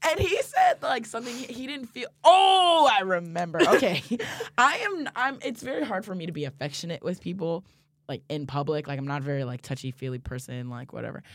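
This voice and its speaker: A woman co-hosting a casual chat, an animated storyteller who laughs easily and swears casually. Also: deep voice, brisk, no room sound. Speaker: podcast co-host.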